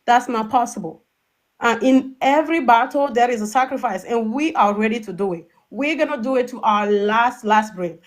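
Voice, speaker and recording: A woman from Togo, calling in to a live show and speaking with deep emotion, often repeating and restarting her words. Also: moderate pace. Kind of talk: impassioned call-in testimony.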